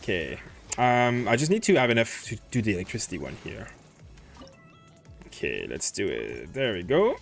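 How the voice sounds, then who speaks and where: A man's voice: lowish voice, big pitch swings, normal speed, gravelly, long pauses, soft background music. A man hosting a casual gaming livestream, thinking aloud as he plays and answering chat questions with plenty of fillers. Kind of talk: casual livestream commentary while playing.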